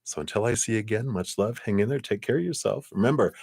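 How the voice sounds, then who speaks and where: A man's voice: fairly low pitch, fast, creaky, slightly rough, no room sound, clean studio sound. Chatty man giving tarot readings. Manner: chatty and rambling, laughs often, warm spiritual blessings. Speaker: tarot card reader. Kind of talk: live-streamed card reading.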